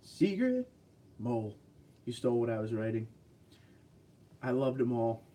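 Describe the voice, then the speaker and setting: A tired man chats easily through a livestream, running on little sleep but staying upbeat. He reads viewer messages aloud, chuckles often and talks in an easygoing way. His pitch sits in the middle of the range. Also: flat delivery, moderate pace, dark tone. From New Jersey, US. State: short on sleep. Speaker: livestream host reading chat. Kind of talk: casual livestream chat.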